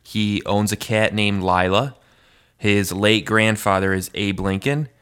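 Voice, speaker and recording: A man's voice: on the low side, fairly even intonation, a little slow, a bit bright, clear, resonant tone. A man co-hosting a casual comedy podcast, loose and joking, who swears freely. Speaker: podcast co-host.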